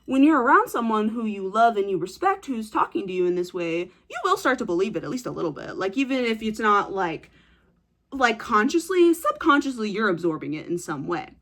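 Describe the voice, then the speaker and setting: A woman's voice: mid-range voice, big pitch swings, fairly quick, fairly bright tone. A young woman vlogging casual advice to camera, blunt and teasing, swearing freely and retelling stories with dramatic flair.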